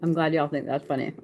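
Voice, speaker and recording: A woman's voice: low voice, phone-quality sound, slight background noise. A woman, chatting casually on a live stream as a card reader, laughing often and swearing freely.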